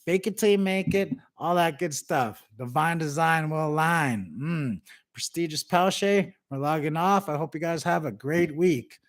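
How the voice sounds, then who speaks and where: A man vlogging, telling a story and giving motivational advice in a casual, animated way. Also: a little high, unhurried. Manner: animated, conversational, preachy.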